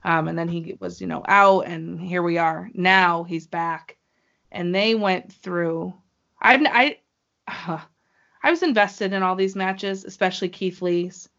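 A woman co-hosting a casual podcast chat, talking in an excitable, gushing way. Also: fairly low pitch, slow pace, creaky, highs cut off. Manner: excitable, gushing fan talk. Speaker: wrestling show co-host.

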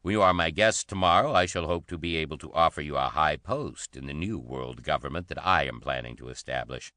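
A scheming villain, as a man puts him on speaks in a very deep, deliberate voice. He sounds formal and self-assured. The recording is dry and close. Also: pushed and bright, dry recording. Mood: menacing. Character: scheming male villain, smooth and grand.

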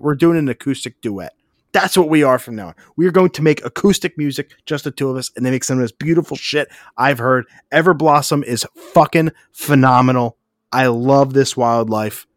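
Profane, excitable podcast guy. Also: medium pitch, no room sound, studio quality. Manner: profane, enthusiastic, rambling. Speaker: podcast co-host. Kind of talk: casual podcast chat.

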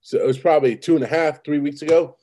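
A man's voice: fairly high pitch, fast, warm tone. A man telling rambling, profane stories in casual conversation as host. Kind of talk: casual chat.

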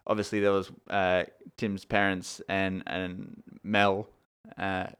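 A man with an Australian accent co-hosting a podcast, explaining things in a relaxed, casual way with frequent fillers. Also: deep voice, slow pace, clear, resonant tone. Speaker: podcast co-host.

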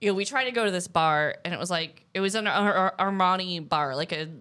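A woman's voice: on the low side, quick pace, clear, resonant tone. Woman in her thirties telling a dating story. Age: 30s. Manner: animated storyteller, acts out the quoted people. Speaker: podcast guest, comedian. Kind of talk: casual chat, storytelling.

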